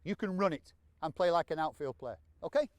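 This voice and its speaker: A man running an on-pitch football coaching session outdoors, calling out brisk, encouraging commands to his players. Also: animated, darkish tone, no room sound.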